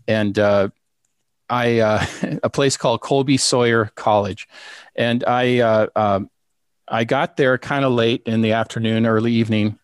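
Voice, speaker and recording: A man telling a personal story in a casual, halting way, with many fillers and restarts. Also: mid-range voice, steady tone, smooth, dry recording, clean studio sound. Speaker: storyteller recounting a ghost experience. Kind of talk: casual spoken anecdote.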